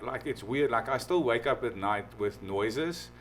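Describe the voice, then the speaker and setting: A man hosts a podcast in a loose, excitable way, casual and profane as he chats. Faint music plays behind him, and his voice stays at an ordinary middle pitch. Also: unhurried. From not from the United States. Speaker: podcast host. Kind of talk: casual conversation.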